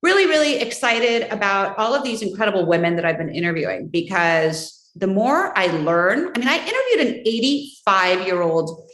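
A woman's voice: mid-range voice, big pitch swings. Heartfelt woman guest in a roomy space. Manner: warm, heartfelt, quickly emotional. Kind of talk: casual interview answers.

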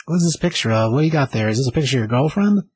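Man doing a quick read of a gruff half-demon hero: laid-back, husky, unhurried. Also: mid-range voice, expressive, a little mellow. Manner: casual, offhand.

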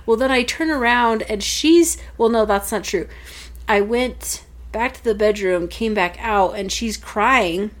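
This thirtysomething woman co-hosts a laid-back talk show podcast, chatting through stories and performing the voices of her quoted family. She speaks unhurriedly in a voice on the high side.

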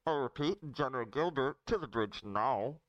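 A man plays an officer paging a general over a starship's PA in a sci-fi audio drama. The announcement is formal and clipped, with a low voice and dry sound. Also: moderate pace, dry recording, highs cut off, natural voice. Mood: announcing.

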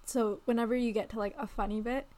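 A woman's voice: fairly high pitch, steady tone, fast, a little mellow. A young woman co-hosting a podcast, chatting casually, laughing often and filling her talk with "like" and "um". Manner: chatty, laughs often, many likes and ums. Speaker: podcast co-host. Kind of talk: casual chat.

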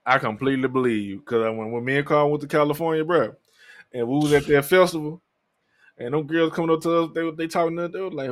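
A man with a Southern accent from Memphis, hosting a podcast and telling profane, animated stories in casual chat. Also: on the high side, fast. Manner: animated storytelling, profane, laughs loudly. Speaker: podcast host.

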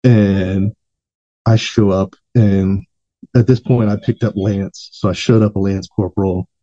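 A man's voice: fairly low pitch, steady tone, measured pace, mellow, lo-fi sound. A man, a veteran podcast guest, telling long profane anecdotes in a laid-back, rambling way. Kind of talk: casual storytelling.

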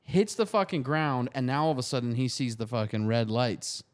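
A man's voice: medium pitch, expressive, moderate pace. A man co-hosting a comedy podcast, telling a story with lots of profanity in a casual chat. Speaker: podcast co-host.

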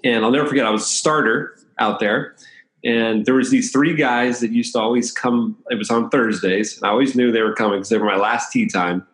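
A talkative man from the Washington, D.C. area recounts his past in a relaxed, storytelling way. His voice sits at an ordinary middle pitch. The room adds a noticeable echo. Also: a little fast. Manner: chatty, anecdotal, laughs between stories. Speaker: chiropractor. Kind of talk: casual storytelling interview. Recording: roomy echo.

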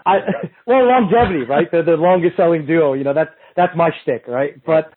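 His voice is on the high side, slightly rough, and brisk. The middle-aged man is guesting on a podcast, chatting casually through long, rambling stories, often restarting and acting out quoted lines in street talk, all over a tinny remote line that sounds like a phone.

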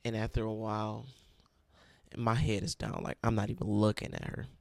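A young man with a low, gravelly voice tells a personal testimony in an earnest, storytelling way. He leans on repeated phrases for emphasis. The recording is dry and close, with no room sound. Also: level tone, moderate pace, a little mellow, no echo. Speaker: speaker sharing his testimony.

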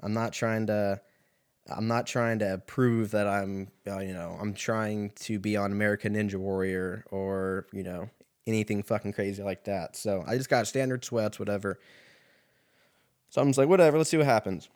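A young man tells a funny story on his podcast, rambling and swearing freely with plenty of "like" and "uh". His voice sits on the lower side and flows loose and casual. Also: fairly even intonation, normal speed, a little mellow. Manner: rambling, profane, full of fillers. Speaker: podcast host. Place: laundromat.

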